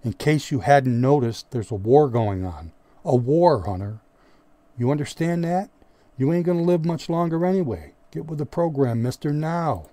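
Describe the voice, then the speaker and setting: A man voicing a hard-nosed, moody male squad leader in an audiobook, gruff and menacing, with sudden roaring outbursts. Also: medium pitch, animated, normal speed, mellow, no room sound, close to an everyday voice. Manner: gruff, menacing, erupts into roars. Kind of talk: audiobook character voice.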